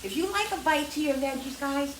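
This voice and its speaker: A woman hosts a home cooking channel video, chatting in a rambling way and often correcting herself as she cooks in her home kitchen with a sizzling pan. Her voice is high and a little fast, picked up by a distant mic in an echoey kitchen with frying noise.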